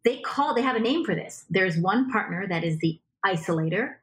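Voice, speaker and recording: Animated woman giving relationship advice. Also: medium pitch, moderate pace, poor audio. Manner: animated, acts out example dialogue. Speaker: relationship coach, guest. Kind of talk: conversational advice in a podcast interview.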